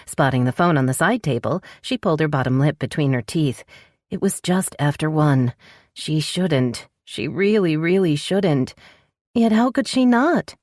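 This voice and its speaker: A woman narrating a romance audiobook in an expressive, scripted style, close to the mic. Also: measured pace, no room sound. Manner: expressive, voices dialogue with sharp pitch jumps.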